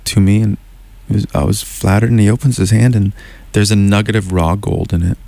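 Male musician guest, lowish voice, rambling storyteller, radio studio interview. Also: steady tone, brisk, creaky, warm tone. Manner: loose, winding storyteller who circles back on himself.

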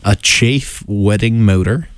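A young man chats loosely on a podcast, his voice sitting low and recorded close and dry. He rambles through restarts and fillers, giggling as he goes. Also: slow pace, clear, resonant tone, no echo. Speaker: podcast co-host. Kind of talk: casual chat.

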